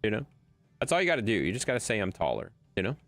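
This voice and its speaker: This male streamer from Wisconsin speaks very fast as he games, bluntly swearing and quarreling with chat. His animated voice leaps widely in pitch, and there is no room sound.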